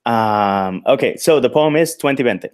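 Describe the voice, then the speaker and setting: A man who is bilingual in English and Spanish, speaking as a guest author in a casual video-call chat. He has a naturally loud voice and talks in an animated, halting way, with many restarts and chuckles. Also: medium pitch, clear, resonant tone.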